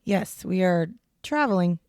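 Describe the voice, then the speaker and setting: A woman's voice: fairly low pitch, animated, unhurried, a little mellow, no room sound, clean studio sound. A woman co-hosting a casual true crime podcast, chatting in a rambling way with fillers, recording in a small hotel room. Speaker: podcast co-host. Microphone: headphones and portable podcast setup.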